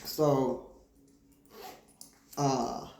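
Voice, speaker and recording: A woman's voice: very deep voice, fairly even intonation, drawn-out words, mellow, a little hiss or hum. A woman hosting a casual livestream talk show from home, chatting to viewers in a meandering way. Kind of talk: casual rambling chat to viewers. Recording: echoey room.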